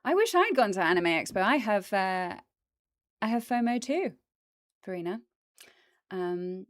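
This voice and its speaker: Her mid-range voice has lively intonation and a measured pace with long pauses, and there's no echo. A voice actress of British and American accent, she hosts a casual plant livestream, chatting eagerly with viewers, using many ums and asides, near a desk microphone.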